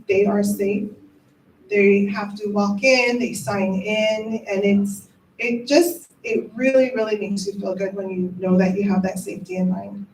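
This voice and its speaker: A woman's voice: medium pitch, darkish tone, slight background noise. A middle-aged woman teacher giving a heartfelt, emotional ceremony speech in a school cafeteria. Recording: echoey room from a distant mic.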